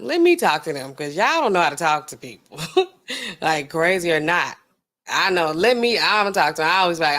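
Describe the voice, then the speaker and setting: A woman pharmacist hosting a casual livestream, chatting in a slangy, animated way, reading out viewer comments and laughing often. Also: normal speed. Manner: animated and chatty, slangy, swings between low asides and high exclaims; laughs often mid-sentence.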